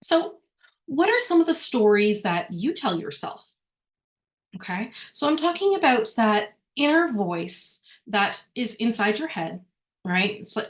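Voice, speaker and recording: A woman leading a workshop lesson, talking conversationally, often checking in with "right?" and correcting herself as she goes. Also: medium pitch. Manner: rambling with frequent self-corrections. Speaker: workshop speaker. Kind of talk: informal teaching talk.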